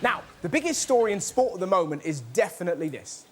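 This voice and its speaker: A young man hosting a topical comedy show in a studio, cheeky and loud, slipping into shouted silly voices, with an audience laughing. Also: sits high, big pitch swings, fast, over music. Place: TV studio before a live audience. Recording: noisy studio with loud crowd.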